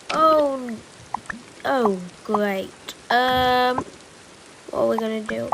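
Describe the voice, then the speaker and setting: A woman's voice: a little high, extremely slow, pauses often. A young woman voicing a playful doll-game family skit, switching between character voices, with rain noise behind. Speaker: roleplay video maker.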